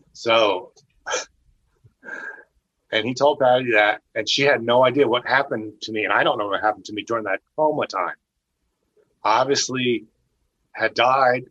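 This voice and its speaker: A man recounts a personal experience in casual, earnest speech that often restarts mid-sentence. His voice is forceful and somewhat husky. The recording sounds dull and lo-fi. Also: medium pitch. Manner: earnest, conversational, with frequent restarts. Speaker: storyteller sharing personal testimony. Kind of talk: casual spoken storytelling.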